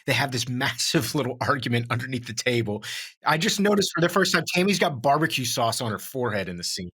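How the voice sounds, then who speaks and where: A man's voice: mid-range voice, animated, fast, sharp tone, slightly rough. Rambling man podcast co-host. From Miami. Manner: rambling, many restarts, laughs through points. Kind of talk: casual chat.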